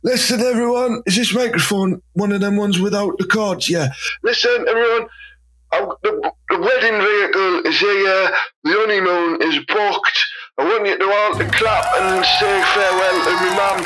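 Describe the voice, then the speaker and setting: Guy doing a sweary lad, highish voice, music going behind. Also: lightly acted, rough recording. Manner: crude, sweary, mouthy. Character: rowdy young male son of the bride, crude and loud.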